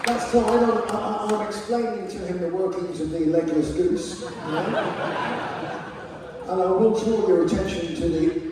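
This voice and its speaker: A man with a high voice tells wry, self-mocking stories from a theater stage. He is picked up from the front row, far from the camera. The sound is very echoey with a long hall reverb, and audience noise is clearly heard behind him. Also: moderate pace, a loud crowd. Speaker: spoken word performer. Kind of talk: comic stage storytelling.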